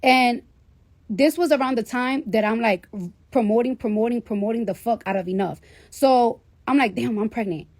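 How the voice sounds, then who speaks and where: A woman's voice: a little high, normal speed, a little mellow, no room sound. A woman casually telling a personal story to a live audience, candid and full of swearing. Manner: candid, profanity-laden, chatty. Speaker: livestreamer.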